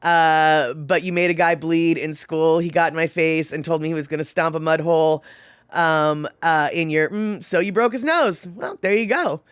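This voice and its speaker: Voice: medium pitch, normal speed, smooth, no echo, studio quality. A livestream host in their fifties chatting casually with viewers and reading chat, rambling along and laughing often.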